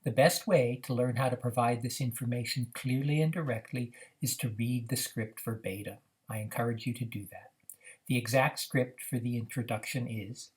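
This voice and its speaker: A man teaching how to run a reading activity, explaining in a measured way with frequent "uh" fillers. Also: mid-range voice, fairly even intonation. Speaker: reading program instructor. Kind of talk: instructional demonstration.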